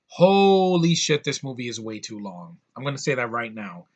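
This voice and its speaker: A man's voice: on the low side, brisk, fairly bright tone, slightly rough. A man giving a casual film review, blunt and rambling, swearing often and restarting his sentences. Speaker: movie reviewer.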